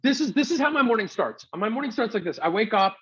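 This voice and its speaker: Husky sick-sounding New man. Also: high voice, fast. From New York City. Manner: rambling, profane, animated storyteller. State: sick with covid. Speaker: comedian podcast host. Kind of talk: casual storytelling chat. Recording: dull lo-fi sound.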